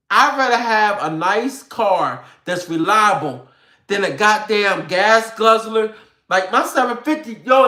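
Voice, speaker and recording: Fired-up profane man ranting. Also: high-pitched. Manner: animated, profane, slangy, addresses viewers directly. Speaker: online commentator. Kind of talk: ranting talk to viewers. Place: home room with a computer. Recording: roomy echo.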